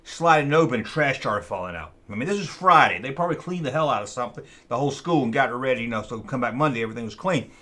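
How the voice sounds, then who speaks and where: A man's voice: medium pitch, animated, fast, few pauses, sharp tone. A man hosting his channel, telling a childhood story in a rambling, folksy way and often repeating himself. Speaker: channel host. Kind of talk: casual storytelling.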